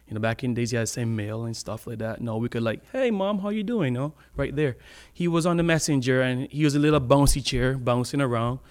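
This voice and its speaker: A man's voice: medium pitch, fairly quick, hardly any pauses, darkish tone, clean tone. A man preaching a sermon in a church, talking in a loose conversational way, laughing often and stretching out the words he wants to stress.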